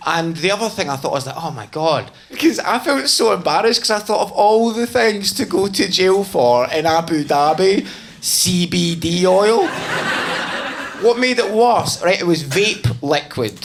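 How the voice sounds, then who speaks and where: Stand-up guy roasting himself, animated and jumpy, noisy recording. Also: high-pitched, a little slow. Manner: animated self-mocking storytelling. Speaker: stand-up comedian. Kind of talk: stand-up routine.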